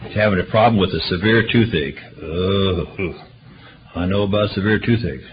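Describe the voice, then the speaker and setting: A man's voice: deep voice, normal speed. A man serving as church deacon, reading out prayer requests and announcements in a rambling, chatty way with frequent hesitations. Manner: rambling, chatty, self-correcting with many uhs. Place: church meeting room. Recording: muffled livestream audio with faint hiss.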